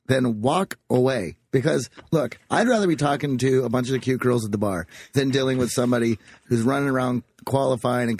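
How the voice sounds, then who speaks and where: A man's voice: mid-range voice, darkish tone, dry recording. A man on a podcast in casual chat, giving blunt, direct opinions.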